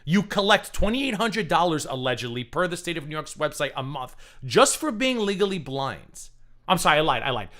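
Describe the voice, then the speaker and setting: Livestream host, man, swears a lot, fast sarcastic rant, higher pitch. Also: bright, forceful tone. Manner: profane, rapid and sarcastic. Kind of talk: ranting livestream commentary.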